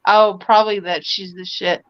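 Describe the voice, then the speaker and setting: A woman's voice: medium pitch, steady tone, normal speed, smooth, no echo, highs cut off. A woman hosting a live-stream psychic reading, relaying messages in a chatty way with lots of filler words. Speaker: psychic medium and host.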